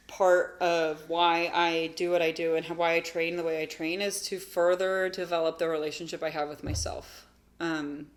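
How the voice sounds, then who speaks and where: A woman in her thirties co-hosting a wellness podcast, talking in an earnest, reflective way and getting animated when she acts out her own thoughts. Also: on the low side. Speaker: podcast co-host, physical therapist. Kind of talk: casual chat.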